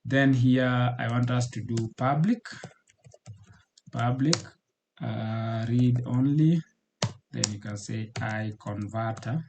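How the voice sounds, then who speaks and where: Halting man narrating code as he types. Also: medium pitch, creaky, noisy background. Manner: halting, repeats words while typing, frequent fillers. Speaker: programming tutor. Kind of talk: screen-recorded coding walkthrough.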